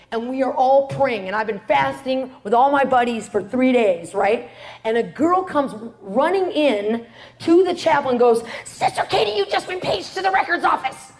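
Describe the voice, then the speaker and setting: A woman giving a lively spoken testimony to an audience, acting out the people in her story and laughing often. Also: high-pitched. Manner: animated storyteller, acts out quotes, laughs often. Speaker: ministry speaker sharing testimony.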